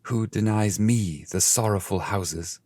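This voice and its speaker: A man reading the lines of a weary old male poet guide, speaking in earnest, measured verse. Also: on the low side, warm tone, dry recording, voice pushed up. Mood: indignant.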